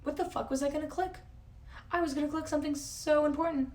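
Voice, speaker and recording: A woman's voice: high-pitched, fairly even intonation, fast, a little mellow. A woman in her twenties chatting casually on a live stream, answering chat and swearing now and then. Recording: voice somewhat distant from the mic.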